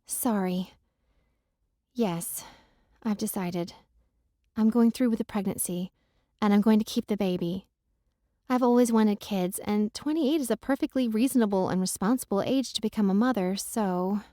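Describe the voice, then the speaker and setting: A woman reads a first-person romance audiobook in a wry, self-deprecating way that turns emotional easily. Her tone is mellow and dark-edged, at a middle pitch. The recording is dry and close-miked. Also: normal speed, pauses often, no room sound. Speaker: audiobook narrator.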